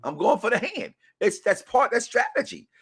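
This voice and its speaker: A man co-hosting a live review stream, joking in animated, loud-and-soft bursts. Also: high voice, moderate pace, husky. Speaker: co-host of a reality show review.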